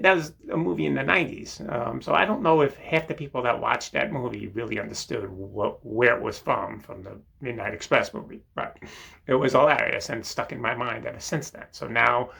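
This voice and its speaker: A man's voice: medium pitch, animated, normal speed, vocal fry, bright, forceful tone. An older man hosting a rambling comic monologue while seated on a toilet in a bathroom, full of fillers and "right?". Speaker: comedy monologue host.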